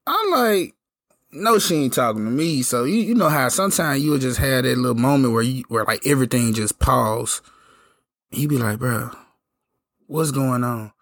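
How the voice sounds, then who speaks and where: A hoarse man telling a story in a casual, slangy, laid-back way. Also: mid-range voice, brisk, fairly bright tone, no room sound, studio quality. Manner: laid-back slangy talk, lots of "you know what I'm saying". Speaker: podcast host telling a story.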